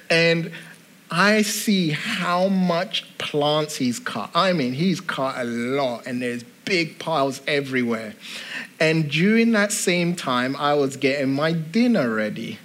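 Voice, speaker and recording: A man pastor delivering a sermon, deliberate and repetitive, asking the congregation rhetorical questions. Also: on the high side, expressive, a bit bright.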